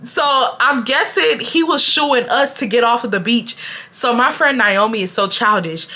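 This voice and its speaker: A young woman vlogger telling a casual storytime, animated and slangy, talking straight to her viewers. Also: a little high, moderate pace.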